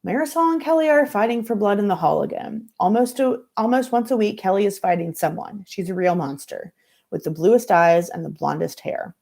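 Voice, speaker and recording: A woman reading a novel aloud to students, in dry, measured first-person narration. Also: mid-range voice, creaky, mellow. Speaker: reader of a novel for school students.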